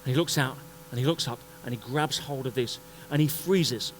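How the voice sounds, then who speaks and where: A man giving a motivational talk at a conference, telling a story in an animated way and acting out the scenes. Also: mid-range voice, moderate pace, slight background noise, rough recording. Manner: animated, acts out scenes and voices. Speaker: conference speaker. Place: conference stage before an audience.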